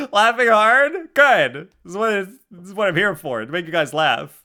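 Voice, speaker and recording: A man's voice: sits high, lively intonation, moderate pace, bright, forceful tone. A young man streaming live, reading chat aloud and joking about his drawings with crude humor and frequent laughter.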